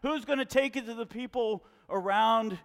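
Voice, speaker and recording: Animated high-voiced preacher in a hall. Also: male voice, normal speed, clean tone. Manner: animated, questioning the congregation. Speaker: pastor. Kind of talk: sermon. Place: church hall with a congregation.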